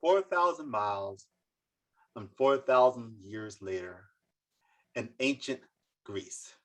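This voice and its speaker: A storyteller telling folk tales slowly and dramatically over a video call. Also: lively intonation, fairly bright tone. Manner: slow, dramatic, with sweeping pitch. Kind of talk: oral folk tale telling.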